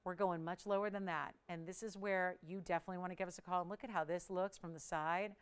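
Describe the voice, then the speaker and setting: A woman's voice: on the low side, steady tone, fast talker, clear, resonant tone. A woman hosting a live TV jewelry shopping show, counting prices down in an upbeat, persuasive sales patter.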